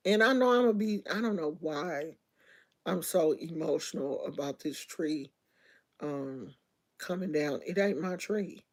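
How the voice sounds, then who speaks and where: A woman's voice: deep voice, measured pace. A middle-aged woman chatting casually to viewers on a livestream, telling stories in loose slangy speech with lots of restarts. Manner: chatty, storytelling, talks to viewers directly. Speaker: livestream host.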